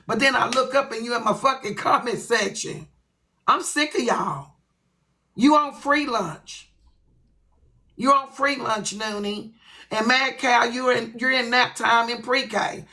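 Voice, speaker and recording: A woman's voice: fairly high pitch, bright, forceful tone, rough recording. A woman hosting her own livestream, ranting bluntly and with lots of profanity. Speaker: livestream host. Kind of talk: ranting live stream.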